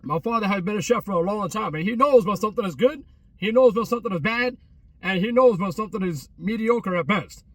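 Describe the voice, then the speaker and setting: Recorded far from the mic with no room sound, a man's voice sits high, a bit bright and slightly rough. He's a travel vlogger in his 30s, chatting casually and rambling at a closed restaurant outdoors, repeating himself with many restarts and lots of street slang.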